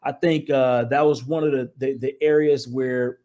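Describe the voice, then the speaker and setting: A man who is an investor, a guest in a casual interview, with a smooth, cool late-night DJ voice. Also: mid-range voice, steady tone, normal speed, warm tone.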